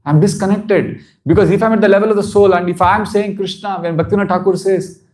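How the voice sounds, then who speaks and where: Male spiritual teacher, higher-pitched voice, earnest, repeats lines, laughs often. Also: fairly even intonation, fast, darkish tone. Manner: repeats phrases for emphasis. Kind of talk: devotional seminar talk.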